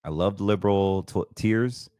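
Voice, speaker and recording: A man's voice: on the low side, moderate pace, dark tone, clear, resonant tone, dry recording, studio quality. A middle-aged man from North Carolina with a Southern American accent, hosting a casual monologue and ranting bluntly about his critics. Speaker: host.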